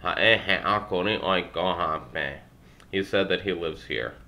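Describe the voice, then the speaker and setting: A young man with a low, bright-edged voice reads through a language textbook aloud. He stumbles and corrects himself, dropping dry little asides between phrases. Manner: halting, self-correcting, wry asides. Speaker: language learner vlogger.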